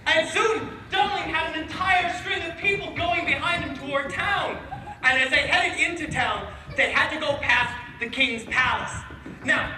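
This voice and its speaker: A man telling a folk tale to a live audience, playful and animated, with asides to his listeners. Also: very high voice, noisy background. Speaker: storyteller. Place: indoor room with a live audience. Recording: echoey room from far off.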